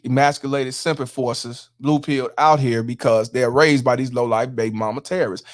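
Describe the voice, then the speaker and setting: A man hosting a livestream, giving profane, emphatic commentary and shouting out viewers. He repeats lines for emphasis. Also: mid-range voice. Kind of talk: live-streamed commentary with viewer shout-outs.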